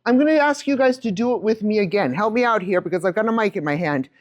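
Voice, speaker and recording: Animated woman in her fifties telling a story. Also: mid-range voice, quick pace, highs cut off. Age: 50s. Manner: animated storyteller, acts out quotes. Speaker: keynote speaker. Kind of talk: storytelling keynote talk. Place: room with a live audience. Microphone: handheld mic.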